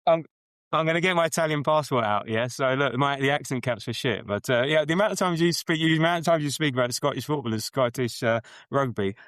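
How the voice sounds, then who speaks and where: A man's voice: medium pitch, fast, a bit bright, no echo, studio quality. A man hosting a podcast in casual chat, joking and laughing often. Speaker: podcast host.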